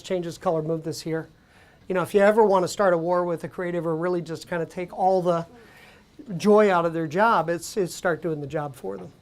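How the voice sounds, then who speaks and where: A woman presenting at a conference, speaking conversationally with animated storytelling and frequent fillers. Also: on the low side. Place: conference venue.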